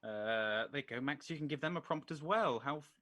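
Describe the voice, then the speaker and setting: A man hosting an improv session over a video call, briskly calling out prompts and scene changes. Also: mid-range voice, pushed and bright.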